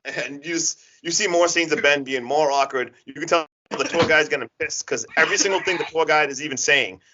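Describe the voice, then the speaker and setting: A man recaps a movie for his podcast co-hosts, upbeat and laughing as he plays out the scenes. His voice sits a touch high and sounds bright and forceful. The audio is dull and lo-fi. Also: fairly quick. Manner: animated, laughing, acting out scenes in funny voices. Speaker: podcast co-host. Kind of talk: casual chat recapping a movie.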